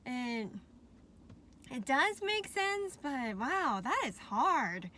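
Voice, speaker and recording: Chatty, high-voiced woman vlogger. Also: very slow, slight background noise. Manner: chatty and animated, laughs often, asks viewers questions. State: a little out of breath. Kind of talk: casual talk to camera.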